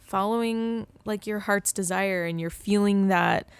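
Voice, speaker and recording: A woman's voice: medium pitch, fairly even intonation, measured pace, clean tone, no echo. A young adult woman co-hosting a podcast, chatting enthusiastically and agreeing often. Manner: enthusiastic, lots of agreeing murmurs. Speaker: podcast co-host. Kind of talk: casual chat.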